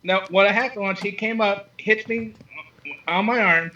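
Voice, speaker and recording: A man's voice: high-pitched, a little slow, pushed and bright, highs cut off. A man calling in to a talk show, shy and hesitant, stammering at times. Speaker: caller. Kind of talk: phone call-in chat.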